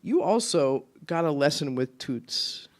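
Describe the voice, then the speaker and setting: A man's voice: on the high side, animated, a little slow. A man hosting a blues podcast in a music school studio, prompting his guest and chatting casually. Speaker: podcast host and interviewer. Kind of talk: casual interview chat.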